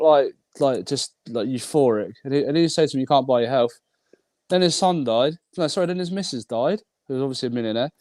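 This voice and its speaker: A man's voice: mid-range voice, a little mellow, no echo. A man in casual podcast chat, talking earnestly and filling his speech with "like". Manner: earnest, filler-heavy, says "like" a lot.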